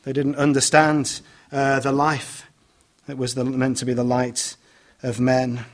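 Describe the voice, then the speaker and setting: A man preaching a sermon, speaking in a measured way with many "uh" fillers and restarts as he reads scripture aloud and explains it. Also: mid-range voice, completely flat delivery.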